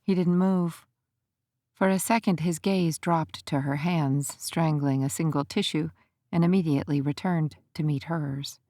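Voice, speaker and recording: Low-voiced woman narrating an audiobook. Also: no echo, clean studio sound. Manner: even, measured storytelling.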